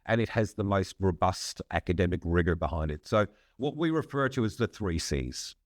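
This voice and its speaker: A man, a psychologist and consultant explaining ideas in a measured, conversational way with frequent hesitations. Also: low voice, lively intonation, no echo, clean studio sound. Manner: measured, frequent "um" and restarts, occasional laugh. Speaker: psychologist and consultant, podcast guest.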